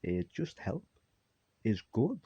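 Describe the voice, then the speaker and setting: A man voicing a gentle, feminine-sounding man who talks in halting, repetitive bursts. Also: lowish voice, big pitch swings, breathy edge, no echo, muffled recording, voice pushed up, heavily acted. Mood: pleading.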